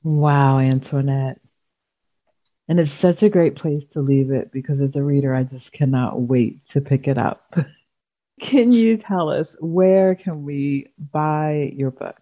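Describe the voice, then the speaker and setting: A woman's voice: low-pitched, takes it slowly. Enthusiastic woman host on a tinny line. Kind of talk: interview chat.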